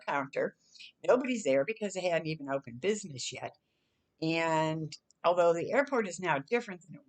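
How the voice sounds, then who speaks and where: An older woman from the Chicago area telling a story from her past in a casual, chatty way, acting out her own quoted lines. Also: deep voice. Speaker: storyteller vlogger.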